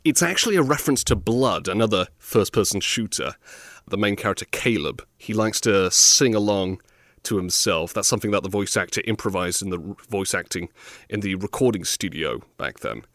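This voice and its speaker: A man hosting an interview, asking questions and telling stories with lively, jokey asides. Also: lowish voice, moderate pace, no echo, studio quality. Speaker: interview host.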